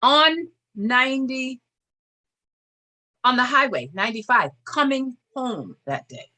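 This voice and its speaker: An older woman with a bright, clear voice talks as an interview guest. She speaks earnestly and measuredly, breaking into short restarts as she reflects. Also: high voice, lively intonation, takes it slowly. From Boston area. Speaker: interview guest, former state senator.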